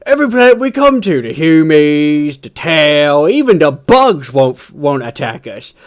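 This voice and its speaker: A man voicing a crude male ork warboss who is itching for a fight, gruff and bossy with broken ork grammar. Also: a little high, sing-song, measured pace. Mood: grumbling.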